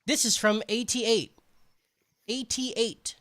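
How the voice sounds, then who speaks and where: A man's voice: very high voice, steady tone, slow, long pauses, pushed and bright. A man co-hosting a podcast, rowdy and profane, saying dude a lot in crude casual chat. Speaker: podcast co-host.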